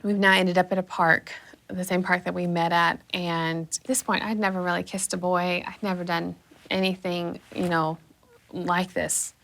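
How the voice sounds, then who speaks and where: A young woman telling her own story in a casual, animated way, acting out her past reactions. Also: on the low side, moderate pace, creaky.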